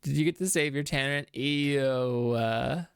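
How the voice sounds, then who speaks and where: A man's voice: mid-range voice, a little slow, vocal fry, smooth, dry recording, clean studio sound. A man streaming a game, joking with chat and reading game text aloud. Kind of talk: casual game streaming commentary.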